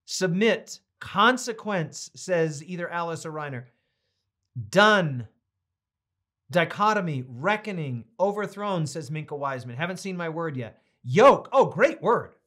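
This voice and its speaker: A middle-aged male pastor with a fairly high voice teaches a Bible study. He preaches with conviction and then slips into a chatty, playful tone as he reads out viewers' comments. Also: expressive, a little slow, a bit bright.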